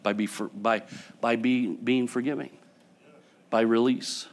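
A man preaching a sermon to his church, building up to loud passionate peaks and then dropping to quiet, soft passages. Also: medium pitch, slow, pauses often. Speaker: pastor.

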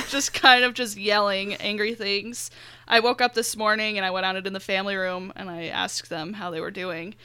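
A woman co-hosting a movie podcast, talking bluntly and laughing often. Her voice is bright and crisp. The sound is dry and close. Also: mid-range voice, steady tone, no echo. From United States. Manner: blunt, laughing, quick to swear. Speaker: podcast co-host. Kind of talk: casual chat.

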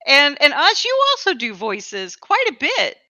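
A woman's voice: high-pitched, huge pitch swings, unhurried, pushed and bright, no room sound. A woman hosting a casual podcast chat, who often repeats her words as she talks. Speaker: podcast host. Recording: dull, slightly lo-fi dry sound.

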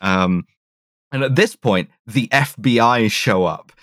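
A man talks through a film's plot in a loose, sweary podcast chat, going scene by scene and often restarting mid-sentence. His voice is of middling pitch. It sounds close and dry, with almost no room. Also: takes it slowly, fairly bright tone, dry recording. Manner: sweary, retells scenes step by step with many restarts. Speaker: podcast co-host. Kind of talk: casual film recap chat.

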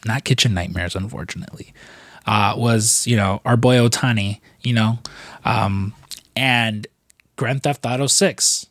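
A man's voice: mid-range voice, no echo, clean studio sound. A young man co-hosting a podcast, rambling and swearing through jokey stories, slipping into quoted voices. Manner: rambling, profane, jokey storytelling with put-on quotes. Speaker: podcast co-host. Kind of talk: casual podcast chat.

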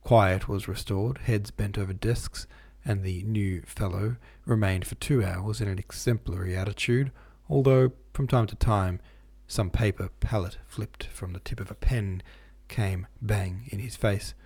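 A man reading a classic novel aloud at a steady, measured pace, stopping now and then to explain the footnotes. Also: fairly low pitch, vocal fry, breathy edge. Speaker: audiobook reader.

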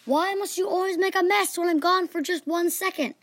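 Brief: girl doing a flustered teacher, high squeaky exclamations, dry sound. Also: a little fast, a bit bright, no echo. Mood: angry. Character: flustered adult male teacher, easily exasperated.

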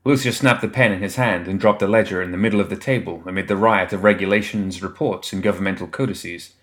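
Low-voiced man narrating an audiobook. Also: fairly even intonation, fast, fairly bright tone.

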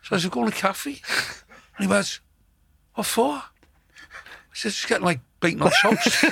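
A man, telling lively anecdotes in casual chat, acting out quotes and swearing freely. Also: very high-pitched, unhurried, vocal fry, pauses often, a little hiss or hum. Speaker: guest.

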